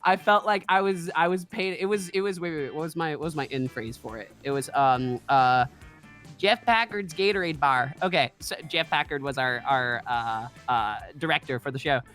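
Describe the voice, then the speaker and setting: A woman's voice: rumbling low, a little fast, hardly any pauses, a bit bright, soft background music. Rambling self-deprecating woman streamer. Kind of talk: casual let's-play chat.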